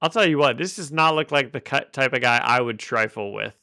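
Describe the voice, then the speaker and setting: A man's voice: mid-range voice, fairly quick, sharp tone, no room sound, studio quality. A man hosting a podcast, casually recapping a comic with jokes and frequent laughs. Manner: jokey, laughs often while recapping. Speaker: podcast host. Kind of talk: casual chat.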